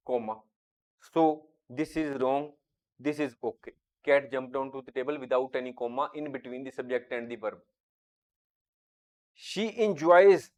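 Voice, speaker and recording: During a grammar lesson, a man with a somewhat high voice speaks deliberately, stretching out each example sentence as he reads it aloud.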